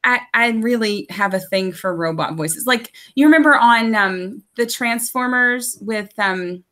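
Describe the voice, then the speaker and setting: Woman podcast guest, playful and giggly, slightly high pitch. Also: unhurried, bright, forceful tone. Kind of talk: casual group chat.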